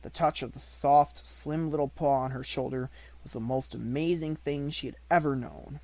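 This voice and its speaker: A man reading a classic novel aloud as an audiobook, with measured, expressive storytelling. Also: mid-range voice, no room sound. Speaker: audiobook reader.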